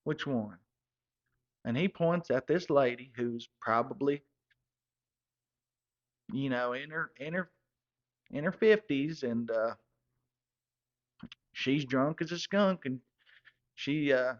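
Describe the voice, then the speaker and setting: Man, mid pitch, rambling comic storyteller, slightly muffled lo-fi sound. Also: slow, pauses often. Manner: rambling, drawling, self-correcting. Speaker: comedic storyteller in character. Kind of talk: comedic monologue.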